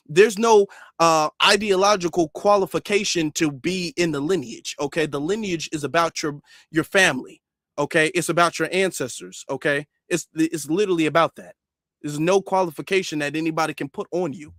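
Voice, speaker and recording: A man's voice: on the high side, normal speed, fairly bright tone, no room sound, clean studio sound. A man ranting as a commentary vlogger, exasperated, who keeps asking "okay?" to drive his points home. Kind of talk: opinion rant.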